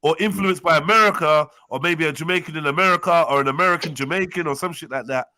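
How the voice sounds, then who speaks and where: A man riffs loudly on a live online panel, joking and heavy on slang. His voice sits high and sounds bright and forceful. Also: quick pace. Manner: loud, jokey, slangy. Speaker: host. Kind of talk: casual panel banter.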